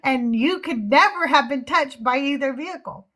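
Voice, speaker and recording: Woman host, middle-aged, high bright voice, chatty, laughs a lot. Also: normal speed. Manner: chatty, laughs often, trails off into fillers. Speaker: livestream host. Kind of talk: casual livestream chat.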